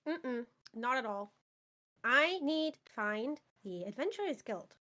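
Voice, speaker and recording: A woman playing a tabletop role-playing game, speaking briskly and matter-of-factly. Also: a little high, animated, bright, forceful tone. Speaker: player. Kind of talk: casual tabletop role-play.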